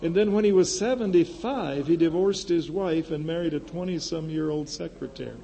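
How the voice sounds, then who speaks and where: A man's voice: fairly high pitch, moderate pace, vocal fry, mellow, low-quality recording. An older man, a former pastor, teaching a class in a classroom, earnest and emphatic, often repeating a key phrase with fresh stress. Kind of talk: classroom lecture. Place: classroom with a board.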